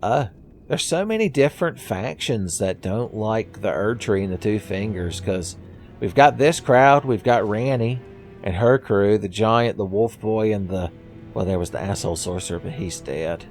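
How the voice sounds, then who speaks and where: Man, sarcastic let's-play host, a bit low, light music under him. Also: lively intonation, normal speed. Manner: wry, sarcastic and profane, often laughing. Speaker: gaming video host. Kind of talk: casual let's-play commentary.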